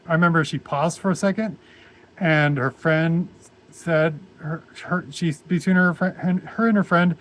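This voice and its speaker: A young man telling a personal story in a casual vlog, rambling and halting with many restarts. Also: fairly high pitch. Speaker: vlogger.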